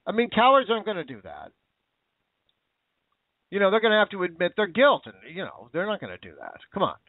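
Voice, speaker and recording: Indignant high-voiced man on a tinny line. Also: wildly swooping pitch, a little fast, no room sound. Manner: indignant, sarcastic, repeats himself. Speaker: show host. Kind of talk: ranting commentary.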